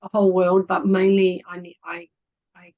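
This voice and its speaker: A woman in her fifties with a New Zealand accent, talking earnestly in an interview and often trailing off quietly. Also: fairly low pitch, completely flat delivery, normal speed, highs cut off. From Netherlands, raised in New Zealand. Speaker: guest. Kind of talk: casual interview talk.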